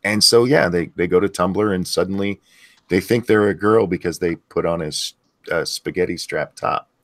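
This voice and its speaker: A man's voice: low-pitched, normal speed, dry recording, studio quality. A man hosting a live stream, talking in a blunt, profane, casual way and reading chat messages aloud. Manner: blunt and profane, many fillers and restarts. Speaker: host of a live stream show.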